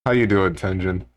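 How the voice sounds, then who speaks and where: A man streaming live, chatting casually and grumbling to his chat. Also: low-pitched. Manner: laid-back, grumbling, talks to chat.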